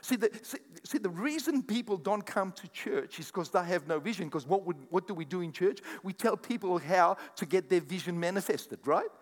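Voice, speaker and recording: An older man preaching a sermon as pastor, animated and jokey, often repeating his words. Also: sits high, moderate pace, few pauses. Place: church hall. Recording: echoey church hall sound.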